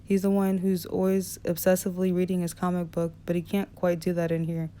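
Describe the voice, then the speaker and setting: A woman narrating an audiobook in a relaxed reading style, with small slips and restarts. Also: on the low side, a little fast, clean tone. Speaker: audiobook reader.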